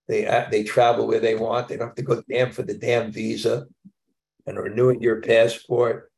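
A man's voice: medium pitch, flat delivery, normal speed, gravelly, a little mellow. A man teaching a scripture class in a casual, conversational way, with chuckling asides.

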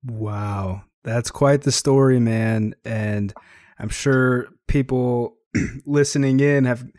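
A man hosting a podcast, asking questions in a relaxed, casual way. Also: medium pitch, takes it slowly, dry recording, studio quality. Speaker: podcast host. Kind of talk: casual interview chat.

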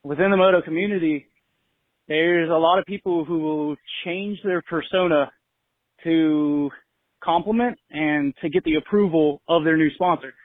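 A young man from California calls in to a show and leaves a friendly, laid-back voicemail. His voice sits high and comes through a thin, tinny phone line. The sound is dry, with no room around it. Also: moderate pace, dry recording. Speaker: caller. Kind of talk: voicemail to a podcast.

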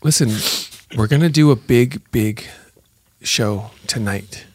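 A man's voice: medium pitch, slow pace, slight background noise. A man doing improv comedy in an upbeat, coaxing way.

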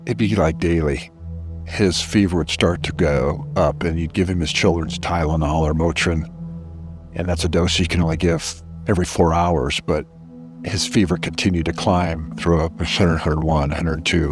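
A man's voice: sits low, steady tone, normal speed, over music. A middle-aged man as a podcast guest, earnestly telling a personal story with reflective emphasis.

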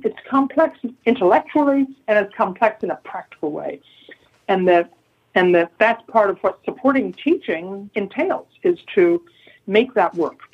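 A woman guest talks in a measured, reflective way, circling back on her words before settling them. Her voice sits slightly high and has a breathy, husky edge. The sound is dull and lo-fi, like a remote line. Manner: thoughtful, measured, repeats starts. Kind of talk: casual interview talk.

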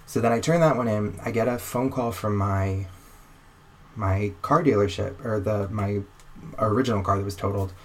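A young man in a casual conversation, telling a personal story in a wry, animated way and acting out the voices of the people he talks about. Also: on the low side, moderate pace. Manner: animated, wry storyteller who acts out quoted exchanges.

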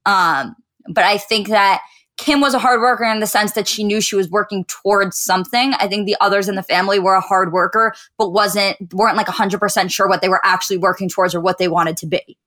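A young woman co-hosting a casual podcast, speaking in a measured, teasing, playfully diplomatic way. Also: mid-range voice, steady tone, fairly bright tone. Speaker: podcast co-host.

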